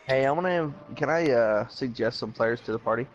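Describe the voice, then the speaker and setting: A man's voice: mid-range voice, fairly quick, faint music behind. Joking man on dull lo-fi chat audio. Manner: joking, mischievous. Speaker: game chat player. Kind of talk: casual gaming voice chat.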